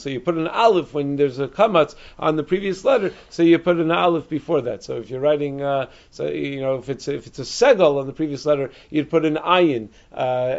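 Brief: male Talmud teacher, slightly high, gravelly voice, dull lo-fi recording, quick explanatory delivery with restarts. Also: a little mellow. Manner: fast, explanatory, with many restarts and Hebrew-Aramaic terms. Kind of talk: Talmud class lecture.

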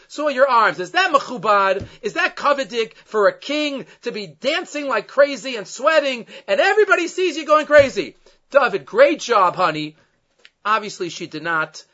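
A man with a notably high voice teaches a Torah lecture as a rabbi. He tells it with animation, weaving Hebrew verses into his English. The recording sounds dull and lo-fi. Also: pushed and bright.

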